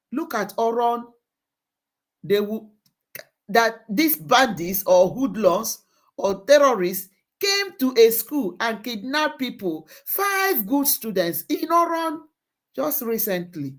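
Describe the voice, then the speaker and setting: A woman's voice: a little high, animated, takes it slowly. A woman hosting a live online show, giving impassioned commentary and repeating phrases for emphasis.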